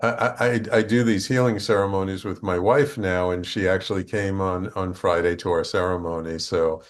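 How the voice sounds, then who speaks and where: A middle-aged man, a podcast guest, talking in a relaxed conversational way, acting out quoted dialogue as he tells a story, with frequent restarts. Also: low-pitched, moderate pace.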